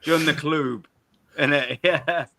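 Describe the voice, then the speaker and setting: A man's voice: a little high, slow, creaky, a loud crowd. A young man hosting a football call-in show, chatting casually in slang with lots of restarts. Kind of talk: casual chat.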